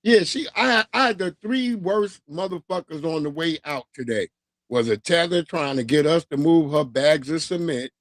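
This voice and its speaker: A man hosting a livestream, telling stories in a casual, profane, animated and mocking way. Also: on the high side, normal speed, no echo. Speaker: livestream host. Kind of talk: casual storytelling rant.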